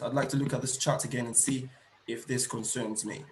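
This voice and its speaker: A middle-aged man presenting an online teacher-training seminar, explaining points slowly and rephrasing them, with fillers. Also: medium pitch, steady tone, roomy sound, noisy background.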